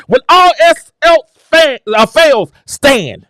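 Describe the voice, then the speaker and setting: A man with a high, lively voice that leaps up and down as he preaches to his listeners. He talks like a show host in a casual motivational monologue, exclamatory and hyping himself up, and the sound is dry and close. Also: slow, no room sound.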